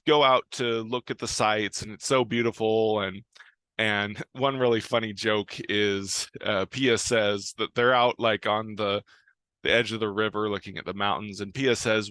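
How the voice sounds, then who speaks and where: A man's voice: lowish voice, steady tone, moderate pace, fairly bright tone, dry recording. An American man casually recapping a TV episode, rambling with lots of fillers and restarts and frequent chuckles. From United States. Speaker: video host.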